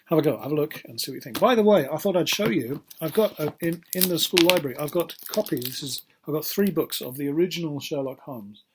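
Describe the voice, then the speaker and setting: A man's voice: fairly high pitch, expressive, quick pace, hardly any pauses, a little hiss or hum. A man, a teacher talking through a casual recorded lesson in a chatty, rambling, playful way and correcting himself as he goes. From England. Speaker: English teacher.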